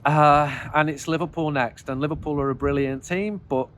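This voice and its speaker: A man's voice: fairly high pitch, steady tone, normal speed, a bit bright. A middle-aged man, a football fanzine editor, talks through player ratings outdoors on a cold, wet night, sounding frustrated and rambling. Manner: frustrated, rambling, self-deprecating. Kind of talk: casual spoken video commentary.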